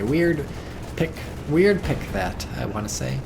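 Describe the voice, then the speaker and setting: Gravelly man casting a strategy game. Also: mid-range voice, moderate pace, noisy background. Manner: excitable, swearing, reads chat aloud. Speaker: game caster. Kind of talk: casual game commentary.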